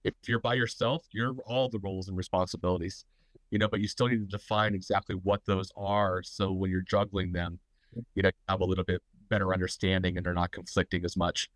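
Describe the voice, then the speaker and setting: Middle-aged male host, low and congested, rambling live talk, dry sound. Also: little pitch movement, fairly quick, no room sound, poor audio. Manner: rambling, frequent fillers and restarts. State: stuffy, congested. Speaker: host of a tattoo business talk. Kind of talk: live online business talk.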